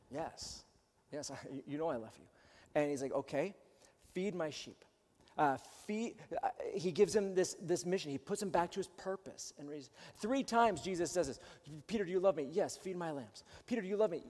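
A man preaching an earnest sermon, stumbling over restarts and building to loud calls for the congregation to respond. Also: a little high, moderate pace. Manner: earnest, rising to loud exhortation with frequent restarts. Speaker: pastor. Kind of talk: sermon to a live-streamed congregation. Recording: long hall reverb.

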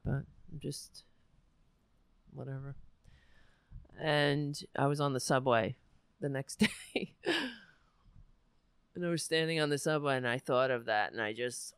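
Emotional woman host, smooth dry voice. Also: very deep voice, dry recording. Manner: emotional, rambling, restarts and trails off into soft murmurs. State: near tears. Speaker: talk show host. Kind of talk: casual on-air monologue.

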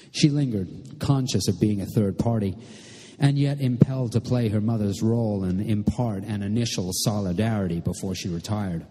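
A man narrating a novel in an audiobook, reading in a measured, literary way. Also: lowish voice, warm tone, husky, in a large hall.

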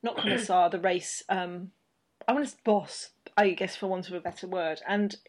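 A woman's voice: lowish voice, normal speed. A woman hosting an interview, telling stories in a chatty, rambling way with lots of restarts. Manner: chatty, rambling, animated storyteller with many restarts. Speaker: podcast host. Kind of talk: casual interview chat.

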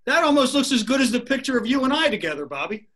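A man's voice: very high-pitched, very animated, quick pace, a bit bright. Man co-host with dry humor. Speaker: show co-host. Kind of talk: casual interview chat.

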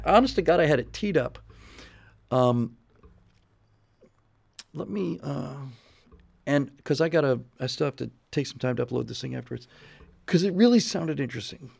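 A middle-aged man hosts a livestream, chatting casually, rambling and repeating words as he reads out viewer messages. His voice sits at a medium pitch with noticeable vocal fry.

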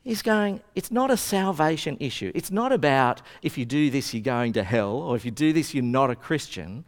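Animated man preaching in a hall. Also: medium pitch, normal speed. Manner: animated storytelling, acting out both sides of an argument. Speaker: pastor. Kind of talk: sermon.

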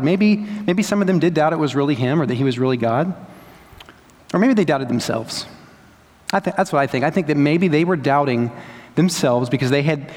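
Young man, pastor, chatty storytelling sermon, slightly high voice, reverb of a big hall. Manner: conversational storytelling preacher, lively asides.

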